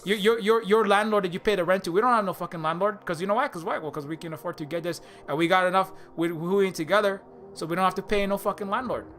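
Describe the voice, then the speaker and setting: A man's voice: sits high, quick pace, a bit bright. A man from Hawaii, ranting angrily and sarcastically, with lots of swearing, in a casual vlog. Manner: angry profane ranting, sarcastic. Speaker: indie game developer. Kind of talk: casual rant.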